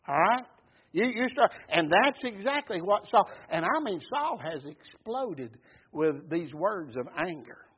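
Male preacher, high-pitched and husky, folksy pulpit delivery. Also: big pitch swings, measured pace. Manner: folksy, emphatic, calls out "Amen?". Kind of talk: sermon. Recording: tinny phone-like sound.

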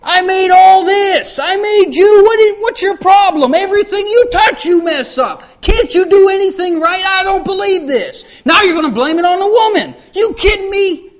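Preacher doing an enraged God, shouting high and exasperated, dull lo-fi sound. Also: male voice, moderate pace, hardly any pauses. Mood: furious. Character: furious shouting God scolding a man. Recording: dull lo-fi recording.

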